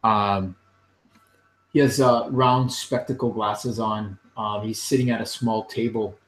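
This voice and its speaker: A man narrating a tabletop fantasy game as game master, unhurried and full of fillers. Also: lowish voice, steady tone, a little hiss or hum, rough recording.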